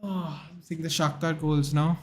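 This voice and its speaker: A young man talks through a football match on a live stream in a loose, chatty way. His voice sits a little higher than most men's. He keeps reading out names and numbers and answering viewers by name. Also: flat delivery, moderate pace, a little mellow. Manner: chatty, reacts to chat and reads out names and stats. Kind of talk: casual watchalong chat with live chat.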